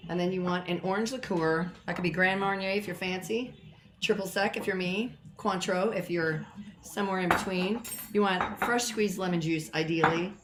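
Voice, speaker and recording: A woman's voice: steady tone, normal speed, background noise. A woman hosting a casual home cocktail live stream, chatty and rambling with self-deprecating asides, a little out of breath. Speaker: home cocktail show host. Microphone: built-in mic, not her usual one. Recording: echoey room, lower audio quality.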